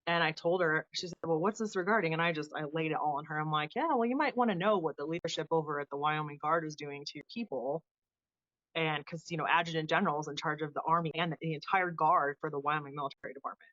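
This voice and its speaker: A woman in her thirties, a guest on an interview show, telling her story in a casual, animated way and acting out the people she quotes. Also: sits low, quick pace, no room sound, muffled recording. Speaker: podcast guest, Air Force veteran.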